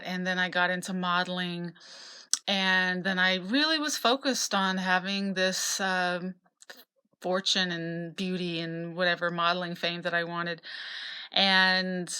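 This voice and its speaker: A woman in her fifties from Utah tells her life story in a loose, candid way. Her voice sits a little low but rings bright and smooth, and she wanders through her memories with fillers and restarts. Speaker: memoir narrator. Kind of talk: casual personal storytelling.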